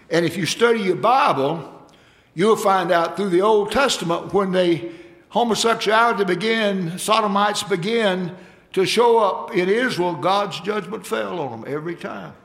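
A man's voice: sits high, measured pace, fairly bright tone. A man preaching a sermon, folksy and emphatic, calling out for amens from the congregation.

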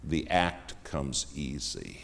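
Man, deep voice, unhurried sermon, lively swooping delivery, long church-hall reverb. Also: vocal fry. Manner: emphatic, swings from hushed to raised. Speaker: guest preacher. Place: church sanctuary.

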